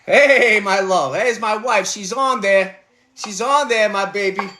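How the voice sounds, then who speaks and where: Man, New York accent, high-pitched, blunt and profane, rambling, faint pan clatter. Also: a little slow, pushed and bright, roomy sound, a little hiss or hum. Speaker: livestream host. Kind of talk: casual rant while cooking. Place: home kitchen.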